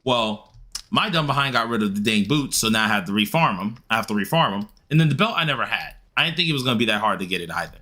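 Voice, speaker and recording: A young adult man chatting casually and rambling while he streams a game, leaping into high excited yelps. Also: fast talker. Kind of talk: casual gaming stream chat.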